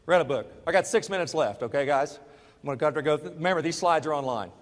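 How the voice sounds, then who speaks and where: Speaking at a quick pace in a slightly high voice, a middle-aged network marketing speaker motivates a live audience, his sound filling a big room. His personal story swings from quiet confession to loud urging.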